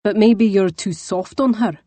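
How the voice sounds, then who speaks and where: A woman's voice: medium pitch, a little slow, dark tone, no room sound, close to an everyday voice. A woman voicing a blunt young nobleman who speaks directly.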